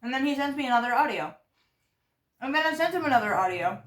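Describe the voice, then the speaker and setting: A young woman with a fairly high voice chats away through mouthfuls of food, rambling loosely and leaning on filler words. The sound is roomy and echoey. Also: animated, fast talker. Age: young adult. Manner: chatty, talks while chewing food. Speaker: vlogger. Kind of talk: casual storytelling chat.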